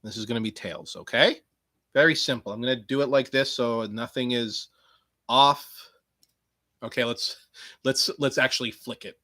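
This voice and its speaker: A man hosting a casual solo podcast, rambling and sarcastic, swinging between low mutters and loud outbursts. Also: normal speed, no room sound. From Canada. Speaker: podcast host previewing wrestling shows.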